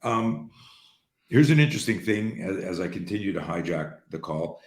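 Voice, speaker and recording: A man hosting and coaching on a call, telling stories in a lively, profane way and acting out the dialogue. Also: low-pitched, normal speed, reverberant. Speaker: host and coach. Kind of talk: conversational storytelling on a call. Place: room on an online call.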